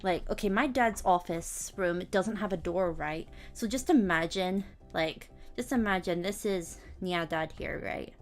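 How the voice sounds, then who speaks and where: A young VTuber streamer chats casually with her viewers, giggling often as she tells stories about her cats and acts them out. Her voice is lowish and measured with few pauses, over soft background music.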